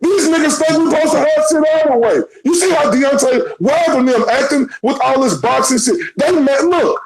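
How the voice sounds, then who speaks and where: Emphatic high-voiced man. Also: breathy edge, rough recording. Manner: profane, emphatic, talks over others. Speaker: panelist. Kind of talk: heated casual debate.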